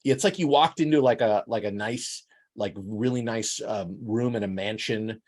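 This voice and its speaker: A man's voice: on the low side, normal speed, a little mellow. A man co-hosting a whisky tasting show, chatting in a playful, hesitant way with many fillers. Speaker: co-host. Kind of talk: casual tasting chat.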